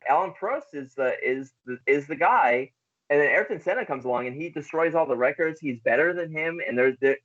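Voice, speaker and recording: A man hosting a podcast, chatting casually in a rambling, excitable way. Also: on the high side. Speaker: podcast host. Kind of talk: casual chat. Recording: slightly dull lo-fi sound.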